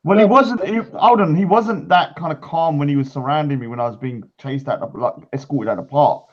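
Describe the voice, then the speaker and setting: A man in a casual voice chat, talking in a quick, insistent way. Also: on the high side. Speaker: voice chat participant. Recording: dull lo-fi online audio.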